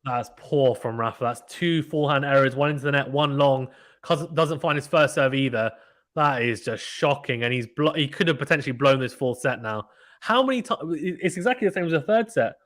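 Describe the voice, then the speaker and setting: A man hosting a live tennis watchalong stream, calling play-by-play with animated reactions and reading chat messages. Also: medium pitch. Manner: fast, animated play-by-play, reads chat aloud. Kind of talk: excited casual live commentary.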